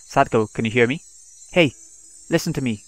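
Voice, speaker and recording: A man's voice: mid-range voice, a little fast, fairly bright tone, dry recording, close to an everyday voice. A man reading the lines of a vengeful teenage girl tormenting her captive, in a cold, mocking manner, in his own voice. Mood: taunting.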